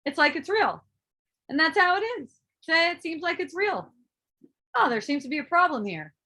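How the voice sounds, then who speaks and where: Woman, high-pitched, spiritual teacher in casual talk, animated, playful, swears. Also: normal speed. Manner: animated, swearing, acting out her own inner voices, laughing often.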